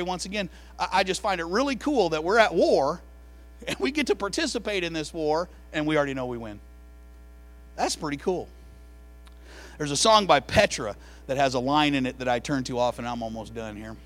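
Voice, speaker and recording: Bright-voiced male preacher telling stories. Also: a little high, a little fast, faint music behind, rough recording. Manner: animated storytelling, rising to loud excited peaks. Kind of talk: sermon. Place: room with an audience.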